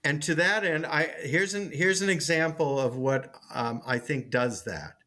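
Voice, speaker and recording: A man's voice: on the high side, measured pace, sharp tone. A man, a sitcom writer and teacher, telling a story in an interview, with frequent restarts.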